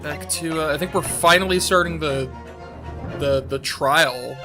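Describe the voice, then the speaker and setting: A woman's voice: low-pitched, measured pace. A woman chatting casually as she streams a story game, rambling with lots of filler words, with game music playing behind. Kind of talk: casual live game commentary.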